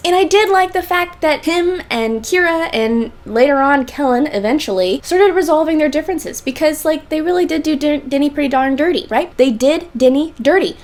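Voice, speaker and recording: A woman's voice: high-pitched, lively intonation, moderate pace, hardly any pauses. A woman casually reviewing a romance novel, talking emphatically, repeating her points and dropping slangy asides. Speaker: book reviewer. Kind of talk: casual book review chat.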